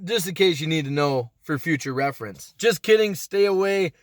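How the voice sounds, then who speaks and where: High-voiced guy in his 30s telling a crazy story, swears a lot, acts out the quotes, dry close sound. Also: moderate pace, no echo. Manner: animated, profane, acts out quotes. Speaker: storytime vlogger. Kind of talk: casual storytelling.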